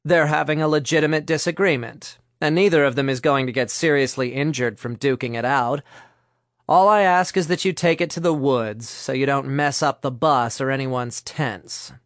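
A man voicing a calm, cheerful young woman leader who speaks measured and firmly polite. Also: medium pitch, no echo, clean studio sound, close to an everyday voice.

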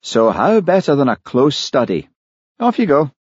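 A man voicing an affable, playful gentleman with a genial manner. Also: fairly high pitch, sing-song, normal speed, breathy edge, no echo, highs cut off, pitched above the performer's own voice. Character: affable, teasing older gentleman.

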